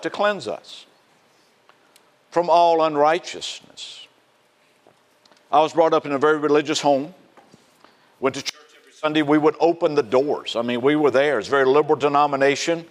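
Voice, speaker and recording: Man preaching with rhetorical questions. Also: fairly high pitch. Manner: conversational, asks the congregation rhetorical fill-in questions. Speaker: pastor. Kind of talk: sermon.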